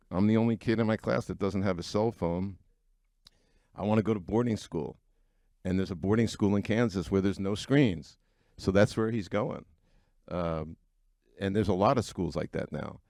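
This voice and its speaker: A middle-aged man with a very low voice and a gravelly, creaky edge. He tells personal stories to a live audience at an event in a frank, conversational way, and the sound is close and dry. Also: darkish tone, no room sound. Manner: conversational and frank, with frequent fillers. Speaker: keynote speaker at an entrepreneurs' breakfast. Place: event venue before an audience.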